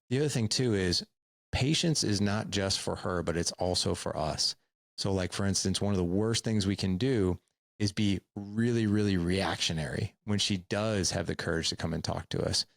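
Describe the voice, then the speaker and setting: Middle-aged male podcast host, deep voice with gravel, candid and repetitive for emphasis. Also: normal speed, dry recording. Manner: earnest, repeats words for emphasis. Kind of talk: candid storytelling advice.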